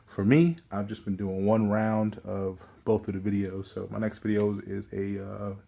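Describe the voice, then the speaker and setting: Low-voiced guy, bit out of breath, rambling casual vlog update, lots of ums. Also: fairly even intonation, moderate pace, vocal fry, dark tone, slight background noise. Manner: rambling, many fillers and restarts. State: slightly out of breath. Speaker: vlogger.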